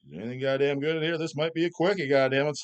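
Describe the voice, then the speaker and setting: A man's voice: fairly high pitch, fairly even intonation, very fast, clean tone. A man hosting his own video channel, ranting and swearing constantly in a mocking, scornful way. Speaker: channel host. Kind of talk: profane rant vlog.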